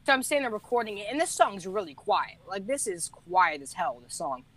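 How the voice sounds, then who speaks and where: A man's voice: high-pitched, big pitch swings, brisk, fairly bright tone. Rambling teenage guy musician. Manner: rambling, laughing, self-correcting storyteller. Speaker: musician and podcast co-host. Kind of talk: casual podcast chat.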